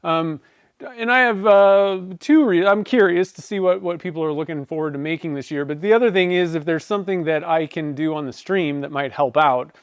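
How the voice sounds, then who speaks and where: A man's voice: a little high, clear, resonant tone, no echo. A man hosting a live stream from his workshop, chatting casually, rambling with lots of fillers and restarts. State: clearing a dry throat. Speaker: pen-turning livestream host. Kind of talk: casual livestream chat.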